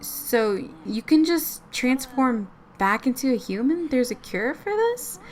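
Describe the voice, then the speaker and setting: A woman's voice: high voice, big pitch swings, a little slow, a little hiss or hum. A woman voicing an anxious, tense young woman in a life-sim game, hesitant and uneasy in her speech. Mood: hopeful.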